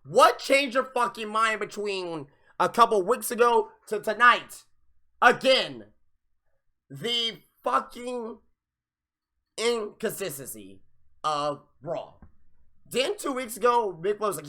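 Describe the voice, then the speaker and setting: A young man hosting a live wrestling review, ranting in a profane, exasperated way with sudden loud outbursts. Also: high voice, animated, normal speed. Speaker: podcast host reviewing wrestling.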